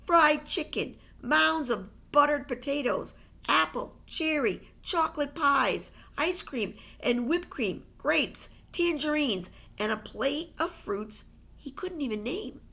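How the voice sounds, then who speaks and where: Slow, expressive woman reading a storybook. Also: sits high, gravelly. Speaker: reader. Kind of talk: reading a novel aloud.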